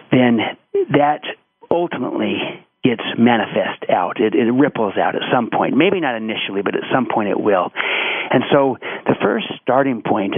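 A man's voice: medium pitch, dry recording. A man, a guest author, telling a story in an interview with an earnest manner and many restarts. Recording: tinny phone-line sound.

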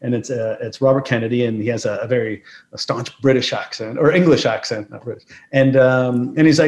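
A man's voice: mid-range voice, steady tone, a little fast, a little mellow. Storytelling man in an echoey room. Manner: reflective, anecdotal. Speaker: guest, photographer. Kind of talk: conversational interview storytelling. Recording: roomy echo.

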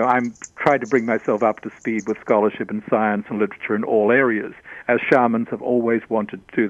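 Australian male storyteller, animated and emphatic, close dry mic with slightly lo-fi radio sound. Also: mid-range voice, no room sound. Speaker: guest, shaman and author.

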